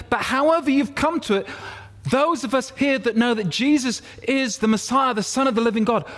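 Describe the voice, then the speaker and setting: High-voiced man preaching a sermon. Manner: expository, leads congregation call-and-response. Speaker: pastor. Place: church.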